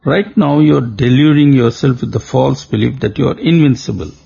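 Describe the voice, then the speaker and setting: A man reading the lines of a defiant, virtuous captive princess in a slow, stern and measured way, heard on a dull lo-fi recording. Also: mid-range voice, gravelly, mellow, breathy edge.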